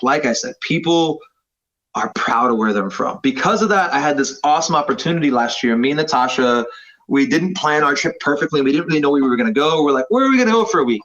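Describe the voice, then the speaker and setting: A man in his thirties rambles through a casual podcast chat, poking fun at himself and leaning on fillers like "like". His voice sits a little higher than most men's. The audio is slightly dull. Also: fairly bright tone. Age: 30s. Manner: rambling, self-deprecating, many fillers. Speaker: podcast guest, jiu-jitsu instructor.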